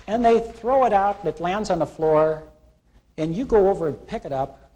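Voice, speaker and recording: On a 1980s classroom video tape, a middle-aged male college lecturer with a slightly high voice delivers a brisk, lively talk full of anecdotes and humorous analogies. He tells stories with animation, performing the voices of the characters he quotes.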